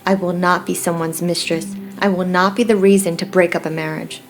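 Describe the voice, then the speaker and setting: A woman reading a romance audiobook, voicing a young woman who is determined and pleading, lifting her voice higher and louder. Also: little pitch movement, fairly quick, a little hiss or hum, lightly acted, rough recording. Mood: insistent. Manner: pleading, insistent, rising emotion.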